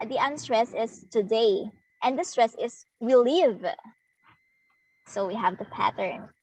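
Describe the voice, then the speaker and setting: A young woman with a Filipino accent leads a demo lesson, her voice sitting a little high. She explains at an unhurried pace, stopping to search for words. The sound is dry and close. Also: no echo, low-quality recording. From Philippines. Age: young adult. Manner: slow, hesitant, explaining to students. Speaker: student teacher.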